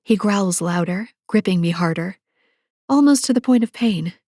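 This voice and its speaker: A woman with a medium-pitched, somewhat dark voice reads a first-person romance novel at normal speed, her intonation lively. As the audiobook narrator, she adds sassy, playful asides and breathes her whispers in the intimate passages. Clean studio sound from a close mic, with no echo.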